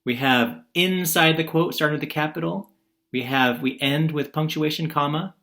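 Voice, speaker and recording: A man's voice: a little high, normal speed, sharp tone. A male teacher recording a video lesson, asking his class questions and answering them himself, and acting out quotes in different voices.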